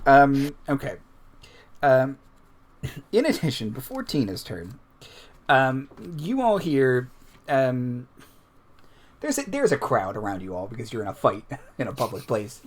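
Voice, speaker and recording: A man's voice: medium pitch, big pitch swings, a little slow, long pauses. A man running a tabletop game as game master, hesitant with many fillers.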